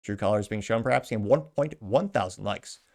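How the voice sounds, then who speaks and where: A man's voice: lowish voice, moderate pace, gravelly, a little mellow. A man hosting an online show, reading out viewer comments and adding wry, offhand remarks between them. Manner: wry, offhand asides with chuckles. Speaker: show host.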